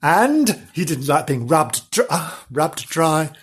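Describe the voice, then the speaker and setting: A man's voice: fairly high pitch, very animated, takes it slowly, husky. A man reading a comic animal story aloud, breaking off into playful, giggly asides to the listener.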